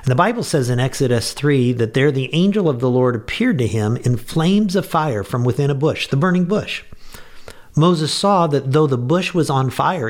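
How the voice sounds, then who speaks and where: An earnest male pastor gives a devotional radio message in a conversational, mid-pitched voice. He talks plainly to the listener and lifts into bursts of enthusiasm.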